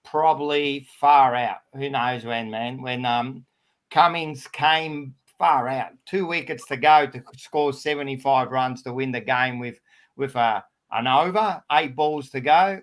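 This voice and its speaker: Blunt, swearing Australian host. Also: male voice, mid-range voice, unhurried. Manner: blunt, swears freely, teasing. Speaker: podcast host. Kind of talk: casual sports chat.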